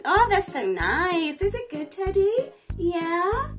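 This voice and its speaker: High, sing-song British woman teacher. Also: very animated, slow, hardly any pauses. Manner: exaggerated sing-song baby talk with gasps. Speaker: toddler teacher. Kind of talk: children's learning video. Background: faint children's music.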